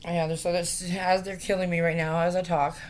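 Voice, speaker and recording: A woman with a low voice rants into her phone camera in a rambling, distressed way. She halts often, leans on fillers and swears freely. A faint hiss of background noise sits behind her. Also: little pitch movement, darkish tone. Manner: distressed, halting, profane, with many fillers. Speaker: vlogger. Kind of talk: rambling direct-to-camera rant.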